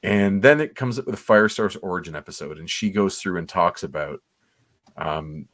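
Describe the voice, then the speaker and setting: A man's voice: sits low, moderate pace, a bit bright, dry recording. A man co-hosting a comics livestream, giving rambling, enthusiastic, nostalgic commentary on an old cartoon. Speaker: comics podcast co-host.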